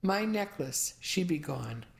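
A woman's voice: lowish voice, big pitch swings, slow pace, vocal fry, heavily acted. A woman voicing a cranky old woman in broken English. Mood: accusing. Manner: accusing, harsh, broken grammar. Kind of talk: audiobook character voice.

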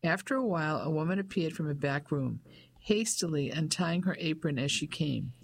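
Measured audiobook narrator. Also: mid-range voice, creaky, slightly rough. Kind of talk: scripted narration.

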